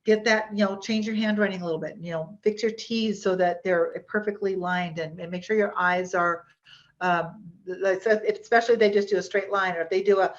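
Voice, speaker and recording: A woman's voice: medium pitch, steady tone, a little fast, lo-fi sound. A woman hypnotherapist teaching an online workshop in a chatty, rambling way, often restarting her sentences.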